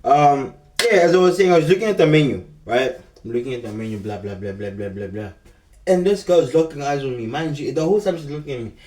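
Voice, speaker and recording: Fast-talking and lively, with a darkish tone and medium pitch, a young man with a South African accent spins a rambling, slangy storytime. He keeps saying "bro" to the viewer, and the mic sits at a distance in an echoey room.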